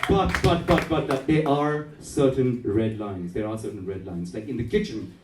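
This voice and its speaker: A man's voice: mid-range voice, normal speed, background noise. A man from India performing a standup comedy set, playful and often laughing at his own jokes. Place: comedy night in a café. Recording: roomy club with a distant mic.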